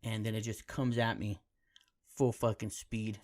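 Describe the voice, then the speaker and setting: Laid-back man with a lowish voice. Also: level tone, unhurried, darkish tone. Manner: laid-back, heartfelt, slangy with frequent "man" and "dude". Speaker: podcast host. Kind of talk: casual solo podcast storytelling.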